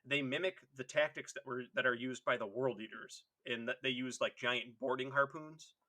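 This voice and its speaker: A man's voice: medium pitch, fairly even intonation, moderate pace, pushed and bright. A man co-hosting a casual podcast chat, laughing often and swearing as he tells stories. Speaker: podcast co-host.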